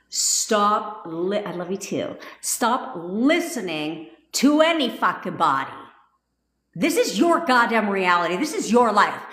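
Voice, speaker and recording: A woman's voice: medium pitch, a bit bright. A woman manifestation coach giving a blunt, profanity-laced pep talk on a live stream. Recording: echoey room.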